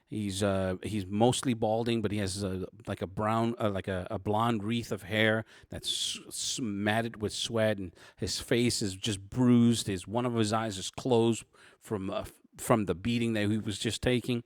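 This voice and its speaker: A man narrating a tabletop role-playing game as game master, describing scenes in halting, restarting sentences. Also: on the low side, steady tone, no echo, clean studio sound.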